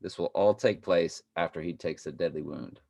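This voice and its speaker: A man hosting a commentary video, rambling and halting as he talks to his viewers. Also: deep voice, creaky, mellow. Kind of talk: casual commentary over clips.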